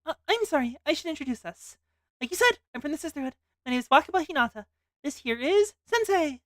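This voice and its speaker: A woman doing a high, earnest young nun. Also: animated, fast, no echo, studio quality. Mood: polite. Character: earnest, polite young nun girl, nervous.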